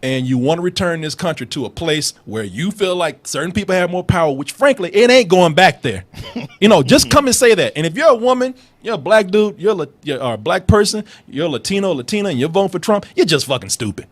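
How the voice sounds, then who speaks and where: Brief: male comedy co-host, high, bouncy voice, laughs a lot, swears freely. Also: fairly quick. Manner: loud, laughing, profane and animated. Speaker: show host. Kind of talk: comedic commentary chat.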